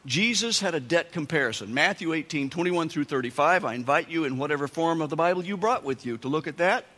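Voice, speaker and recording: A pastor preaching a sermon, telling the story with animated asides and dramatic emphasis. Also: male voice, fairly high pitch, quick pace. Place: church sanctuary. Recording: long church-hall reverb.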